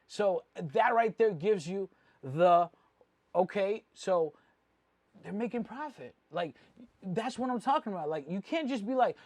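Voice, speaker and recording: A man's voice: high-pitched, moderate pace, no room sound. Slangy rambling man ranting on a dry mic. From Mexico City. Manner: slangy, rambling, animated with frequent asides. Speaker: jewelry vlogger. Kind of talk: casual opinion rant.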